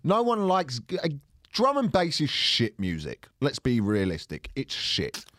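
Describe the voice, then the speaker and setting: A man co-hosting a podcast in a studio, ranting with plenty of swearing. His pitch jumps up and down a lot, and the close mic sounds dry and near. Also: unhurried, no room sound. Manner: ranting, swearing, animated storytelling. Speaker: podcast co-host. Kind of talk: casual podcast chat.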